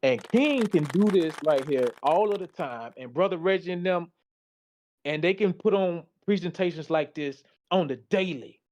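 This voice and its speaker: A man's voice: on the high side, normal speed, darkish tone, slight background noise. Tired, slangy man presenting slides. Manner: loose, slangy, talks back to the slides. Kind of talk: casual presentation reading from slides.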